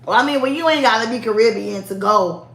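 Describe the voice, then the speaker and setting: Candid, sassy woman vlogger, higher voice, echoey room. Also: quick pace, fairly bright tone. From United States. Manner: sassy, candid, laughs often. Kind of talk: casual chat to camera.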